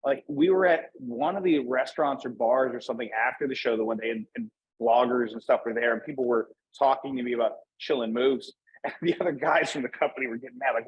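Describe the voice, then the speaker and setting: A man's voice: mid-range voice, quick pace, husky, low-quality recording. A man from Northeast Pennsylvania, a guest on an interview, chatting in an easygoing, rambling way. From Northeast Pennsylvania, USA. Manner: easygoing, rambling, lots of "like" and restarts. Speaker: guest, cigar brand manager. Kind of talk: casual interview chat.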